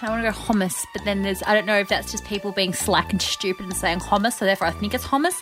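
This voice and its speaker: A woman's voice: medium pitch, fast, fairly bright tone, faint music behind. An Australian woman co-hosting breakfast radio, chatty and self-mocking, often laughing at herself. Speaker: radio co-host.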